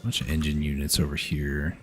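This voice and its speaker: A man streaming a game keeps up casual commentary, relaxed and muttering to himself as he plays. His voice is very deep and fairly quick, with a little hiss or hum on the recording.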